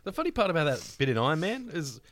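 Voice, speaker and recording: A man's voice: fairly high pitch, big pitch swings, fast, fairly bright tone. A man with an Australian accent telling stories in casual podcast chat, with crude jokes and lots of hesitant fillers.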